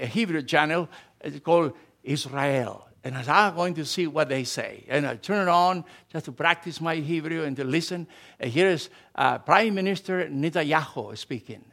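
Animated preacher man with a bright, high voice. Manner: animated preaching with emphatic rises and soft asides, non-native grammar. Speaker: pastor. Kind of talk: sermon.

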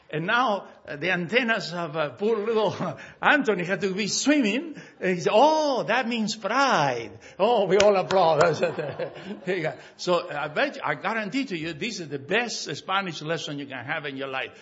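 Husky halting man at church. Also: a little high, lo-fi sound. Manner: halting, many fillers, animated storytelling. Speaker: church leader giving announcements. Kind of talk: church announcements. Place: church sanctuary.

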